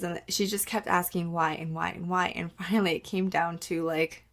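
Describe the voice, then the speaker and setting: Candid woman with a gravelly low voice. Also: steady tone, moderate pace, few pauses, a bit bright. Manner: candid, conversational, many "like" fillers, acts out her own past remarks. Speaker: podcast host. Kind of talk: casual solo podcast monologue.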